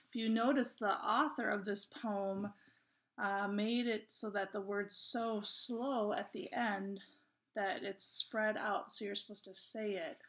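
A woman teaching kindergarten, reading a poem aloud to young children in a cheerful, encouraging way and drawing the words out slowly. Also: mid-range voice, fairly even intonation, fairly bright tone. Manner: slow, drawn-out reading for kids.

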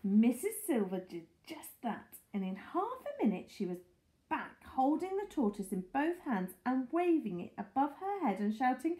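A woman reading a children's story aloud with expressive, animated storytelling. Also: high voice, normal speed, poor audio. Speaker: storybook reader.

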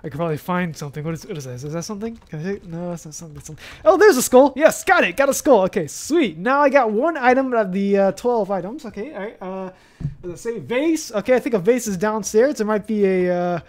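In casual let's-play commentary, a male YouTuber plays a video game in his bedroom, sweating in a hot costume as he rambles, restarts, swears mildly and fills gaps. He has a high, expressive voice and talks fast.

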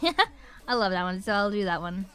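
A woman's voice: mid-range voice, moderate pace. A woman with an Irish accent, a voice actress chatting casually and giggling on a livestream while signing autographs at home. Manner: chatty and giggly, muses aloud while writing. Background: faint background music.

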